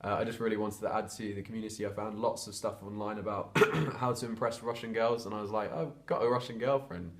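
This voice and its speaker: A man's voice: lowish voice, flat delivery, fast talker, few pauses. A young man from England talking casually to camera, chatty and hesitant with lots of fillers and restarts. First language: English. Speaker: vlogger.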